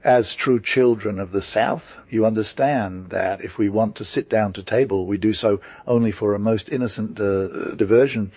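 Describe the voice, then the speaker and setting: A man doing a puffed-up gentleman in a stage play, low voice, grand flowery words, dry sound. His speech is lordly and long-winded. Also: normal speed, few pauses, no room sound, lightly acted. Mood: pompous. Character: pompous hungry gentleman traveller.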